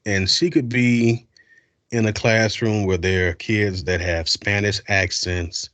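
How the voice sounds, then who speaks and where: A male voice actor telling stories in a casual interview, animated and slipping into voices and accents as he talks. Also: on the low side, dry recording. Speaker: voice actor guest.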